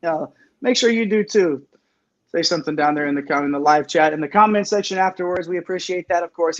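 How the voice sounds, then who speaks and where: Male host, high voice, upbeat sports chat, dull lo-fi recording. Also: fairly quick. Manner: upbeat, addresses live chat viewers. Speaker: podcast host.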